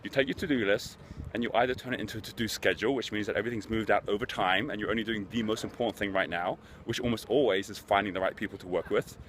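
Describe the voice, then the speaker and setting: A man's voice: lowish voice, fairly even intonation, fast talker, a bit bright, a little hiss or hum. A middle-aged man hosting a motivational business talk, telling stories in an earnest, conversational way. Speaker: host, business speaker.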